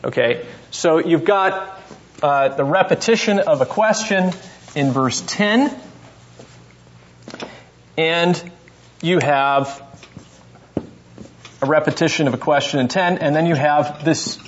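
A man's voice: fairly high pitch, takes it slowly, long pauses, slight background noise. A male seminary professor leading a classroom Bible lesson, putting questions to students by name and thinking aloud as he goes. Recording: dull lo-fi classroom recording.

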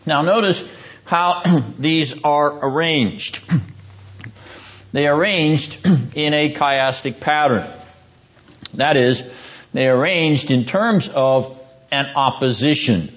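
A man giving a seminary Bible lecture, deliberate and often clearing his throat, dropping low and grave for emphasis. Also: fairly bright tone. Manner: drops low and grave when stressing judgment. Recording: dull lo-fi lecture recording.

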